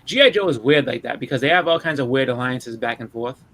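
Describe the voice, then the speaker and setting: Casual co-host, male, fast and bright, stumbles over repeated words. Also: mid-range voice, expressive. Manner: rambling, repeats words, acts out quotes. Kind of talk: casual chat.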